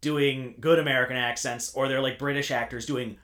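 A man's voice: medium pitch, steady tone, brisk, fairly bright tone. A man co-hosting a podcast, chatting casually about a film with plenty of "like" and fillers. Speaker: podcast co-host. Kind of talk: casual movie discussion.

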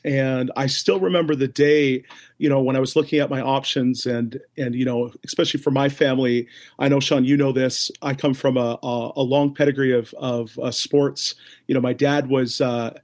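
A young man from Canada speaks as a guest on a podcast, telling personal stories earnestly. He talks casually with frequent ums and restarts, in a mid-range voice. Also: mid-range voice. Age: young adult. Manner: warm-hearted, earnest storyteller with many fillers. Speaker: guest, ministry leader. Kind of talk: casual interview storytelling.

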